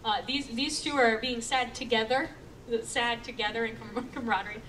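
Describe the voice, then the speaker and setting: A woman hosting a convention panel, talking to the crowd in a playful, animated way, often laughing. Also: a little high, moderate pace. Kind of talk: live panel commentary to an audience. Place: convention panel room with audience. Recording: distant camera, crowd noise.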